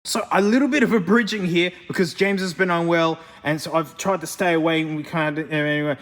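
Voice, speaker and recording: Excitable bright-voiced Australian man. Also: on the high side, fairly quick, long reverb tail. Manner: excitable, chatty, laughs often, lots of slang. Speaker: car vlogger host. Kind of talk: casual commentary over car work and testing.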